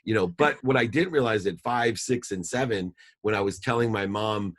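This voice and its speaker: Guy in his 50s on a podcast, kinda low voice, tells his life story quick and punchy, says stuff twice. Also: a bit bright. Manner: fast, emphatic, repeats phrases for effect. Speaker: podcast guest. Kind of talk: personal storytelling in an interview.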